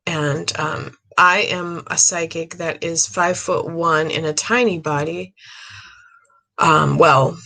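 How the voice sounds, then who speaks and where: Earnest rambling woman with low voice. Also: steady tone, slow pace, gravelly, pushed and bright. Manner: rambling, earnest, many fillers and restarts. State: tired, low stamina. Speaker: psychic medium. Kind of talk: casual monologue to camera.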